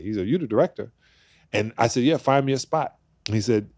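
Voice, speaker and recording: A man in his fifties, a podcast guest, telling animated stories and acting out the voices of the people in them. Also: medium pitch, fast, no echo, studio quality. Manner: acts out quoted voices, laughs while telling stories. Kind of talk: animated storytelling in conversation.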